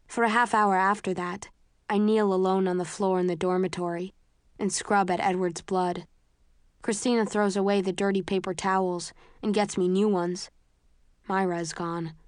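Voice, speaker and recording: Low-voiced woman narrating an audiobook. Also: steady tone, normal speed, a little mellow, dry recording, clean studio sound. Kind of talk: first-person scripted narration.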